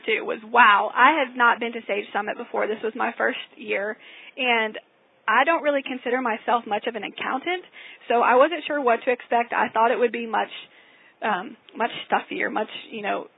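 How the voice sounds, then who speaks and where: A woman business owner chats excitedly over a tinny phone line. Her voice is husky, with some creak, and sits a little high. The sound is very dry. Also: normal speed, no echo. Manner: excited, chatty. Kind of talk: casual interview.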